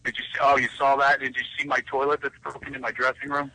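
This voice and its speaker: A man's voice: mid-range voice, quick pace, breathy edge. Laughing man on a phone line. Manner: joking, laughing, animated storyteller. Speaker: phone-in guest. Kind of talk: casual chat.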